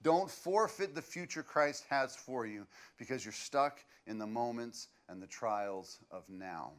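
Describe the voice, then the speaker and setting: Conversational pastor, storytelling. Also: male voice, mid-range voice, animated, unhurried. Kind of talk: sermon.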